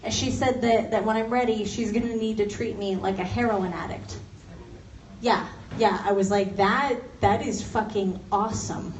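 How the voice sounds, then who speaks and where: Here the young LA comedian's voice sits at medium pitch, a little mellow, with fairly even intonation and a moderate pace. She keeps her stand-up chatty and self-deprecating, laughing mid-line, in an office repurposed as a comedy spot. A distant mic records her in the roomy, noisy space.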